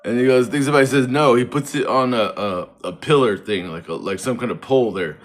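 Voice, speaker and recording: A man's voice: mid-range voice, a little fast. A man rambling through a casual story, restless and repeating himself, with heavy slang. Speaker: vlogger.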